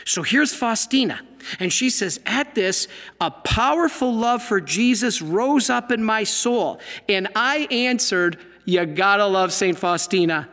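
A man preaching a sermon, reading aloud from a diary and exclaiming over it with animated emphasis. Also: sits high, unhurried, big-room sound. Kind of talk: Catholic sermon talk.

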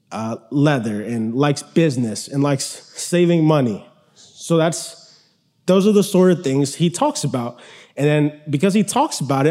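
A man's voice: a little high, mellow. A young man preaching a sermon in a casual, conversational way, often restarting his sentences.

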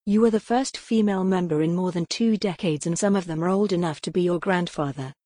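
A woman doing a calm, controlling young man. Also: high voice, brisk, dry recording, clean studio sound. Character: calm, smooth young man leading a cult.

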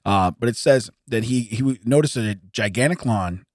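A man's voice: mid-range voice, a little mellow, dry recording, studio quality. A man in his forties co-hosting a podcast, reading news items aloud and laughing often as he stumbles over the text. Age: 40s. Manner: laughs often, reads haltingly. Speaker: podcast co-host. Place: podcast studio.

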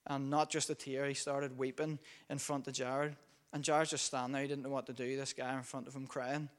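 A man preaches a sermon in a relaxed, conversational way, telling a story with frequent ums and uhs. His voice sits at a middle pitch and stays fairly flat throughout. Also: a little fast. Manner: conversational, many fillers while recounting a story.

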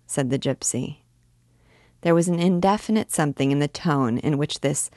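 A woman reading a classic novel aloud in a clear, measured storytelling voice. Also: sits low, a little mellow, no echo, studio quality. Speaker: literature teacher reading aloud.

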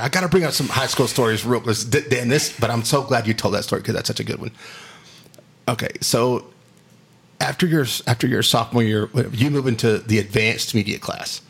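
A man with a gravelly, husky, bright-edged voice swaps stories in a relaxed chat. He gets animated and laughs as he acts out what people said. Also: medium pitch. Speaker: former teacher and host. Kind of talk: casual storytelling chat.

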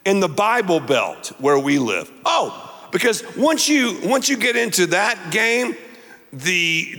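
Middle-aged pastor, emphatic sermon delivery, slow pace, long reverb of a large church. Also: male voice, sits high, fairly bright tone. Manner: emphatic, repeats words for effect.

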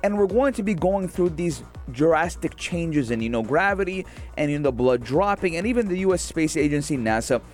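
A man's voice: a little high, lively intonation, moderate pace, few pauses, darkish tone, soft background music. A man co-hosting a radio show, chatting casually with jokes and rambling restarts. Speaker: radio co-host.

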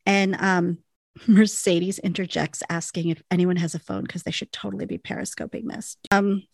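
Woman recapping a tv show on a podcast, lots of vocal fry, super casual, says like a lot, dry close mic. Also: fairly low pitch, steady tone, moderate pace, no room sound. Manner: chatty, laughs often, peppers speech with "like". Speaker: podcast co-host recapping a TV episode. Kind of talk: casual chat.

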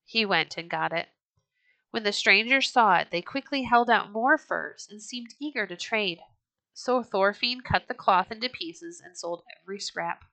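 A woman narrates a children's storybook in a measured, expressive read-aloud manner. Her voice is bright and clear, and the recording is close and dry with no room sound. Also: medium pitch, no echo.

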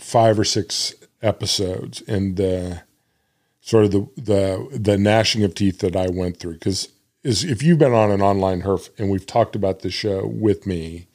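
Deep-voiced man laughing through casual podcast chat. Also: a little slow. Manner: laughs often, relaxed and self-deprecating. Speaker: podcast host. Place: cigar shop, indoors.

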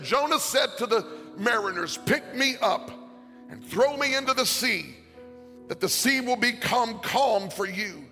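A pastor preaching a sermon to a congregation in a large church, his delivery rising into a sing-song cadence and shouted peaks. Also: very high-pitched. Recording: long hall reverb, faint music.

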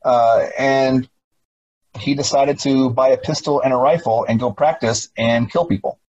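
A man's voice: mid-range voice, steady tone, measured pace, darkish tone, lo-fi sound. A middle-aged man, a former police officer, talking emphatically as an interview guest, often repeating himself and asking rhetorical questions. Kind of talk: interview conversation.

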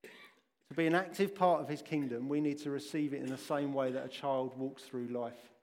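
A man's voice: mid-range voice, steady tone, normal speed, darkish tone. A middle-aged man preaching a sermon in a church, chatty and conversational, with asides to his listeners. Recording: long echoing hall reverb.

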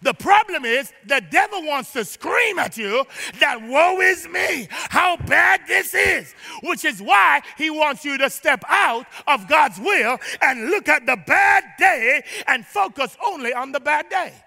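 A male pastor preaching a sermon in a church, emphatic, rising to shouts and dropping to low asides, calling on the congregation to respond. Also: very animated, unhurried, hardly any pauses, long reverb tail. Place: church sanctuary.

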